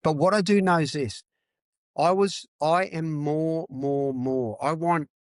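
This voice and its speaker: With an unhurried, high-leaning voice and no echo, a fifty-something former rugby player from Australia guests on a podcast. He recounts his life frankly and rawly, doubling up words to stress his points.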